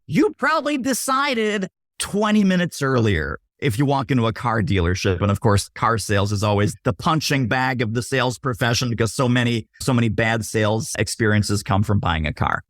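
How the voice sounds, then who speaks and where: A man as a podcast guest explaining sales in an animated way, acting out what buyers and waiters say and often adding "right?". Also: medium pitch, normal speed, no room sound, studio quality. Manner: punchy teaching tone, often tags lines with "right?". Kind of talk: casual interview talk.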